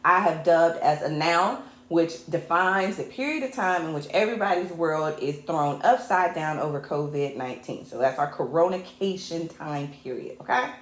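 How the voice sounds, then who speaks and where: Woman host, low-ish voice, fired up and joking, live show from an echoey home set. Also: lively intonation, normal speed. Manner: impassioned and fired up, mixing jokes with anger; chatty, addresses viewers as y'all. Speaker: host and technical producer. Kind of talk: livestreamed talk show monologue. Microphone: camera mic.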